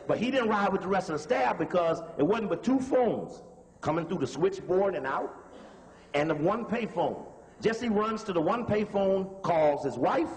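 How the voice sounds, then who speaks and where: A man's voice: high voice, a little mellow, long reverb tail. A man lecturing over video footage in a conversational, emphatic way, often calling to stop the tape. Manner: conversational, emphatic, repeats instructions to pause the tape.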